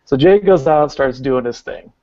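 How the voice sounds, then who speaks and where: A man in his thirties, co-hosting a podcast, telling a long story in a casual, excitable, rambling way with lots of "like.". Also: medium pitch, normal speed, dry recording, lo-fi sound. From Arkansas. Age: 30s. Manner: rambling, excitable, heavy use of "like". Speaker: podcast co-host.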